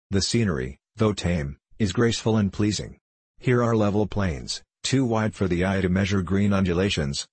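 A man with a deep voice reads an old travel memoir in a steady, measured way. His tone is a little husky. The recording is dry and close, with no room sound. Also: dry recording. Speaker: audiobook reader. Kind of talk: scripted narration of a classic travel memoir.

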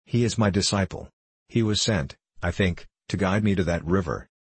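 A man reading the part of a calm, solemn old monk in a storybook. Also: low-pitched, normal speed, breathy edge, dry recording. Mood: serene.

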